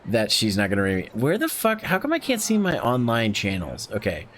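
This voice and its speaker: A man's voice: lowish voice, huge pitch swings, brisk, fairly bright tone. A man hosting a game stream in casual chat, swearing freely and laughing often. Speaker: streamer host.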